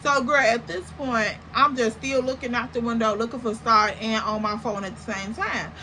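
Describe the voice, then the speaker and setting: A young woman telling a story in a casual, animated, slangy way, full of exaggerated comparisons. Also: fairly high pitch, normal speed, slight background noise, low-quality recording. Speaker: storytime vlogger.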